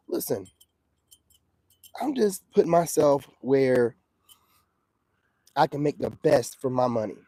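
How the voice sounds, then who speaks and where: A man's voice: a little high, unhurried, pauses often, warm tone, no room sound. A man hosting a casual livestream, giving streetwise dating advice in a preachy manner and reacting to viewer comments.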